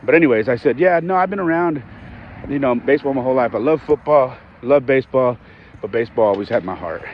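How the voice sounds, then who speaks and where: A man's voice: mid-range voice, fast. A man in his forties hosting a podcast, casually retelling a conversation and acting out both sides of it. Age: 40s. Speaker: podcast host. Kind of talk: casual storytelling. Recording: dull lo-fi audio with faint background noise.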